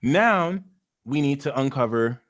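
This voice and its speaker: A man hosting a live astrology Q&A stream, talking in a theatrical, excitable, jokey way. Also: medium pitch, measured pace.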